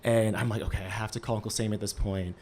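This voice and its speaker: A man in his twenties telling a lively first-person story on a small stage, talking through a microphone and filling his sentences with "like". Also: lowish voice, fast, slight background noise. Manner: lively, heavy use of "like" fillers. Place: stage of a small live-event venue.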